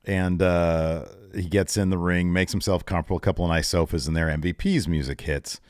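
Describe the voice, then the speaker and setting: A man's voice: fairly quick, no echo, studio quality. A man co-hosting a podcast, retelling a wrestling show in casual chat and acting out the lines he quotes. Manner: animated retelling, acts out quotes with raised pitch. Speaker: podcast co-host recapping wrestling.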